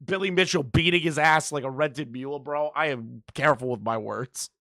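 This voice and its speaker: A man hosting a reaction commentary, sarcastic, jumping between loud outbursts and muttered asides. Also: fairly high pitch, normal speed, dry recording, studio quality. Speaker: commentary channel host.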